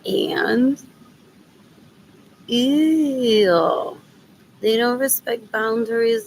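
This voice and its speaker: Woman w a gravelly fry voice, rambling solo stream, slips into spanish, faint hiss behind. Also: fairly high pitch, animated, very slow, long pauses, a little mellow, low-quality recording. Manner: rambling, drifting between mumbling and whispering; mixes in Spanish phrases. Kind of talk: rambling solo livestream talk.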